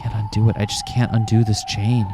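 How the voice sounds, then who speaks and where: A man's voice: fairly low pitch, flat delivery, a little fast, background noise, natural voice. A man reading a visual novel aloud, voicing a terrified young man trapped in a room, tense and close to panic. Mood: uneasy. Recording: music playing behind.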